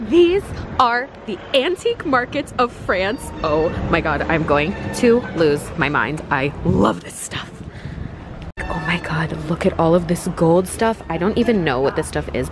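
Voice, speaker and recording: A woman hosting an excited travel vlog, bubbly and gasping, sometimes dropping into hushed whispers, talking in a hotel room and then at outdoor markets. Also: fairly low pitch, background noise. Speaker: vlog host. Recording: background music under voice.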